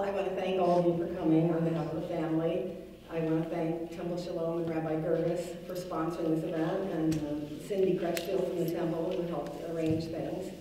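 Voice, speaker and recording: A middle-aged woman giving a halting memorial speech as the daughter, with frequent ums and restarts. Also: lowish voice, warm tone, slight background noise. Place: large synagogue hall. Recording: echoey hall from far off.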